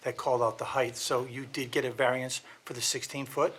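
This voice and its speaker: Bright-voiced board member, steady tone. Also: male voice, mid-range voice, brisk, slight background noise. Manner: careful, clarifying. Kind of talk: questioning at a board meeting.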